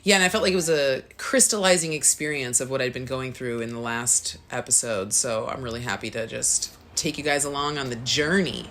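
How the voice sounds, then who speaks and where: Podcast co-host, woman, low voice, earnest storyteller who acts out her inner voice. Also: fairly quick, hardly any pauses, a bit bright, a little hiss or hum. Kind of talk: casual spiritual chat.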